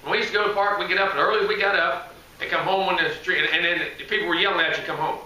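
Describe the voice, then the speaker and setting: Man, head coach at a presser, folksy, rambling, self-correcting; sharp bright tone, heard from afar in an echoey room. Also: sits high, steady tone, rapid-fire, far from the mic. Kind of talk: press conference answers. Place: media day press room.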